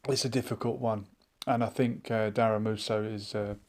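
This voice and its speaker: A man hosting a live online chat show, musing out loud and reading viewers' comments aloud in a casual, thinking-aloud way. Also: fairly low pitch, steady tone, moderate pace. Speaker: livestream chat host.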